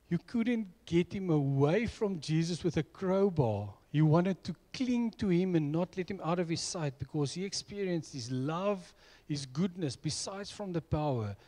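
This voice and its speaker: A man's voice: on the high side, warm tone. Earnest storytelling male preacher. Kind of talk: sermon with storytelling.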